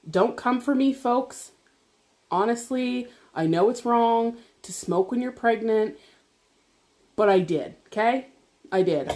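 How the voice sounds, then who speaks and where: A woman vlogger telling a personal story while eating dinner, chatty and animated, laughing often and swearing casually. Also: mid-range voice. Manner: animated, talks to viewers directly.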